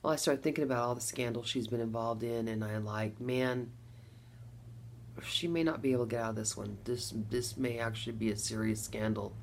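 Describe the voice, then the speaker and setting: Gravelly middle-aged woman telling her story. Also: rumbling low, a little fast, slight background noise. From Las Vegas, USA. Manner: animated storytelling, laughing between lines. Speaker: vlogger. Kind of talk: personal testimony to camera.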